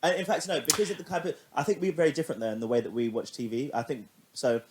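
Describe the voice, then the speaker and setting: Podcast co-host, young man, rapid and lively casual chatter with easy swearing. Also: mid-range voice, background noise. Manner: animated, laughing, swears casually. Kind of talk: casual chat.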